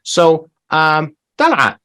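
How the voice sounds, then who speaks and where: Male language teacher, animated pitch, drills words slowly with strong emphasis and repetition. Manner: slow, emphatic modeling of words, repeats phrases. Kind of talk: online language class.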